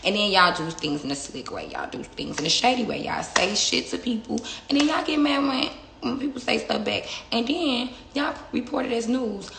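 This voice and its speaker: A woman's voice: a little high, big pitch swings, normal speed, vocal fry, fairly bright tone, roomy sound, slight background noise, poor audio. A young woman livestreaming from her phone, talking bluntly and with plenty of swearing in a casual, confrontational chat. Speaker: livestream host.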